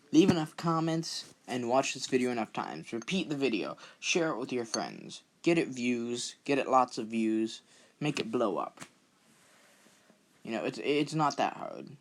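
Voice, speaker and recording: A young man hosting his own channel, talking casually in a rambling, self-deprecating way and often repeating words as he goes. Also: medium pitch. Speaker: channel host. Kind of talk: casual vlog commentary.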